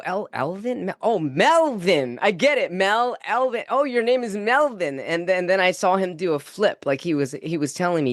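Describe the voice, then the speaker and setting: Man, guest storyteller, slightly high voice, animated, earnest, dry close sound. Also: no echo. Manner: animated, reenacts his own inner dialogue; laughs easily, earnest. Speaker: guest spiritual channeler. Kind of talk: casual podcast storytelling.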